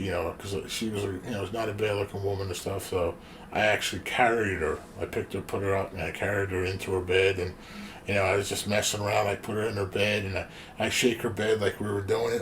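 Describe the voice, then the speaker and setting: A man's voice: low-pitched, a little hiss or hum. A man telling a rambling, profane story in casual chat, acting out the quoted voices.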